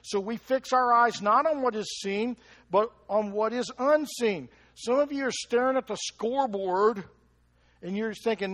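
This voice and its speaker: A man preaching a lively sermon, who keeps asking the congregation questions and chuckles between points. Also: very high voice, unhurried. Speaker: pastor.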